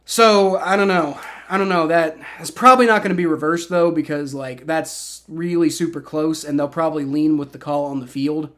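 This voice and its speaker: Male streamer, high voice, rowdy live play-by-play reactor who talks to chat. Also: moderate pace. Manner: excitable, swears and shouts at bad plays, chats with viewers. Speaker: livestream host.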